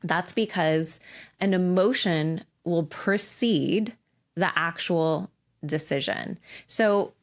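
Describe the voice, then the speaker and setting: A woman's voice: on the low side, slow. A woman in her forties hosting a casual solo podcast, candid and emphatic, swearing freely as she talks. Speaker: podcast host and coach.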